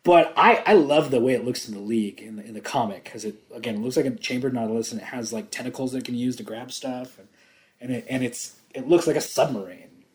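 A man's voice: mid-range voice, fast talker. A man co-hosting a podcast, talking casually and enthusiastically about a film, laughing often and swearing freely. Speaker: podcast co-host.

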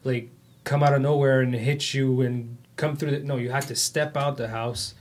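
A man's voice: mid-range voice, fairly even intonation, normal speed. A man co-hosting a podcast, explaining a point in an emphatic, casual way.

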